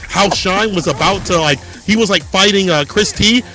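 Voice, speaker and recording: A man's voice: sits high, moderate pace, vocal fry, over music. An American man commentating a fighting game tournament in casual, hyped banter full of slang. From United States. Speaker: esports commentator.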